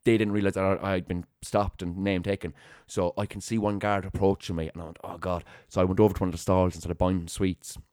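A young man tells a story on his podcast, quick and animated, acting out what other people said. His voice sits low. The sound is dry and close, with no room around it. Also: dry recording. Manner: animated anecdote-telling with acted-out quotes and laughter. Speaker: podcast host. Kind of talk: casual storytelling chat.

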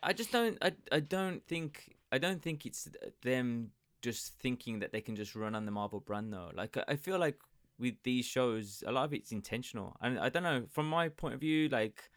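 A man co-hosting a casual round-table podcast, talking in a measured, hedging way with many fillers. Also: mid-range voice, lively intonation, no room sound, studio quality. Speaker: podcast co-host.

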